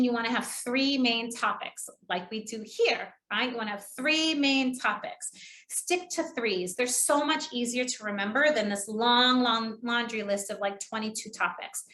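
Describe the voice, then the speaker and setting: A bright, fairly high-voiced woman from New England, with its accent, talking fast in a chatty training lesson. She shows off good and bad delivery by moving her pitch around. The sound is echoey, as if she is in a bare room. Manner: lively, demonstrates delivery with shifting pitch. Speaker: public speaking trainer. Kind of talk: online training presentation.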